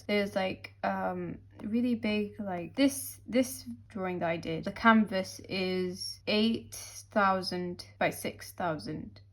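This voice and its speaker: A woman's voice: medium pitch, darkish tone. A young woman, a webcomic artist, chatting casually and rambling in a studio vlog, a bit tired and out of breath. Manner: chatty, rambling, playful slang.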